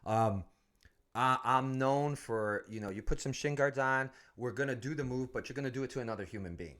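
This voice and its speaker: A man in casual conversation who cusses freely and rambles from one story to the next, chuckling along the way. His voice sits at an ordinary middle pitch. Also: a little fast, a bit bright. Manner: swears freely, rambling storyteller, laughs often. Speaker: MMA fight school owner, guest.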